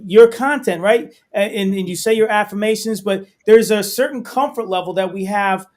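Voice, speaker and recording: A man's voice: high-pitched, moderate pace. A man co-hosting a panel show who talks loosely and rambles while searching for his words. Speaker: co-host. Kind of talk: casual panel talk.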